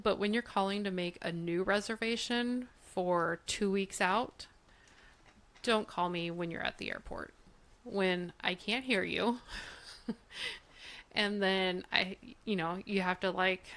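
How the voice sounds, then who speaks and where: A woman's voice: medium pitch, measured pace, fairly bright tone. Middle-aged female co-host, mid-range voice, easygoing chat with ready laughs. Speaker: podcast co-host. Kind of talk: casual chat.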